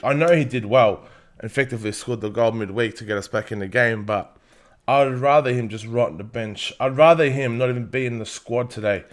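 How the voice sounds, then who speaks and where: A man's voice: mid-range voice, fairly quick. A young man hosting a football watchalong, chatting casually and passionately with frequent swearing. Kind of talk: casual live match commentary.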